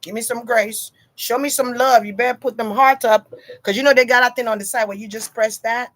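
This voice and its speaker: Woman host, livestream reader, slangy and chatty with her audience, slightly raised pitch. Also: steady tone, brisk, a bit bright. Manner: chatty, slangy, talks to viewers directly. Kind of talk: casual livestream chat.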